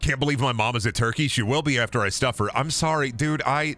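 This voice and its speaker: A man's voice: mid-range voice, quick pace, bright, forceful tone, a little hiss or hum. A man streaming a game, rambling and joking crudely with lots of swearing. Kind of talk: casual gaming stream chatter.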